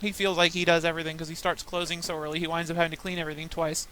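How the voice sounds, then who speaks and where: A woman's voice: lowish voice, level tone, racing, a bit bright, slight background noise, rough recording. A young woman in casual chat while playing a game, telling rambling stories with frequent laughs. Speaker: gaming podcaster.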